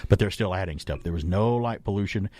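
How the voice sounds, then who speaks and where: A man's voice: low-pitched, quick pace, dark tone, dry recording. A middle-aged man from Alabama hosting a casual talk radio show, telling stories and acting out quoted voices.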